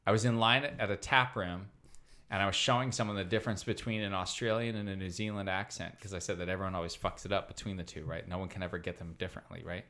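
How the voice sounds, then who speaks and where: A man hosting a casual comedy chat, swearing freely and explaining with animated emphasis. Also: deep voice.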